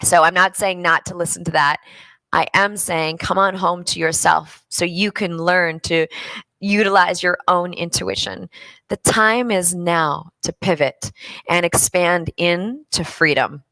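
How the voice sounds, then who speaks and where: A middle-aged woman talks openly and with feeling on a live stream from home, fillers scattered through her speech. Her voice sits a little low, and the sound is dry and close. She moves into gently guiding the listener through their breathing. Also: fairly even intonation, measured pace, vocal fry, no room sound. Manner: open and emotional, with many fillers. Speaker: show host and wellness coach. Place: home, in California.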